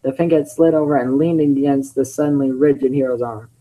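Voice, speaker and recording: A man's voice: mid-range voice, fairly even intonation, a little fast, mellow, poor audio. A man hosting his channel, reading fan fiction aloud with chatty, self-interrupting commentary.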